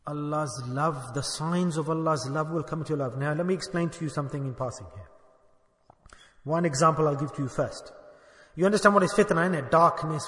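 A man gives a sermon as a spiritual teacher, his voice pitched high. He keeps asking the listeners questions and acts out little dialogues. The sound rings with a long echo, like a large hall. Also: fairly bright tone. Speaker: sufi shaykh preacher.

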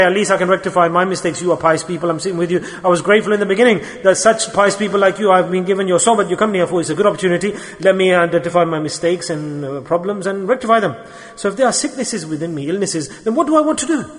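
A man giving a sermon at a religious gathering, putting repeated rhetorical questions to his listeners. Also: high voice. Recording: long hall reverb.

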